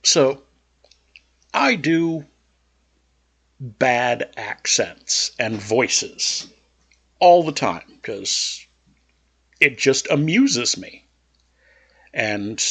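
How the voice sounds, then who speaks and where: Male gaming host, unhurried relaxed storyteller, rambling anecdotes, middle-pitched voice. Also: slightly rough. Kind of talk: casual storytelling over gameplay.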